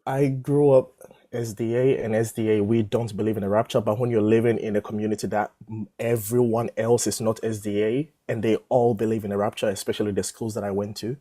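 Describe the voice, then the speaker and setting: A man from Ghana, joining a live stream as a guest and talking softly and thoughtfully with little giggles. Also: fairly low pitch, steady tone, a little fast, no room sound. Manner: soft-spoken, giggly, thoughtful. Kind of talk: casual chat.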